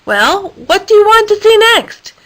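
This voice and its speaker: A woman's voice: very high-pitched, big pitch swings, moderate pace, pushed and bright, pitched above the performer's own voice, heavily acted. A woman voicing an eager, impatient young female circus acrobat animal with a chirpy way of talking.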